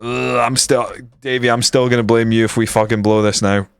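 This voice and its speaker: Guy streaming a footy manager game, swears a ton, yells at the match, clean dry sound. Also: mid-range voice, little pitch movement, fairly quick, gravelly, clean tone, dry recording. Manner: swears a lot, reacts loudly to the match. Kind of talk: live game stream commentary.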